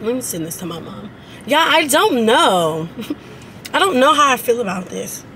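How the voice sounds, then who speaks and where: A teenage girl chatting casually to her viewers while vlogging on a handheld camera, animated and talkative. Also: on the high side, normal speed. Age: teens. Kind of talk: casual vlog chat to viewers. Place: in a car and around a shopping area. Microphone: handheld vlog camera. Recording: noisy handheld vlog recording.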